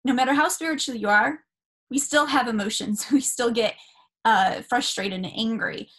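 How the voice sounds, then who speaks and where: A woman's voice: a little high, normal speed, a bit bright. A woman in her thirties from Southern California, talking casually and earnestly about spiritual ideas to her camera, with many fillers and restarts. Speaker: spiritual vlogger.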